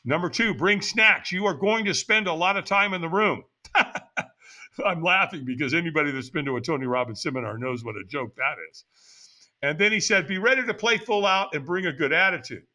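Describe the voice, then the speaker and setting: A slightly high voice at normal speed belongs to an older American podcast guest sharing a story from his own life. Animated throughout, he voices the lines of the people he quotes.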